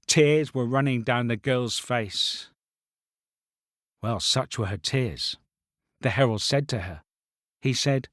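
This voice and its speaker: A man tells a children's story in a playful, lively way and keeps turning to talk straight to his young listeners. His voice sits at a middle pitch and sounds dry and close, with little room sound. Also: slow pace, pauses often, no room sound.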